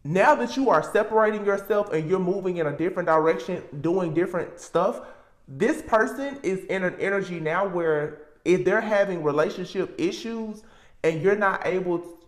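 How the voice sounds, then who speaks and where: Emphatic woman reading tarot, roomy echo. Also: lowish voice. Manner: emphatic, repetitive, thinking aloud. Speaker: tarot reader. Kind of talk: casual spoken tarot reading.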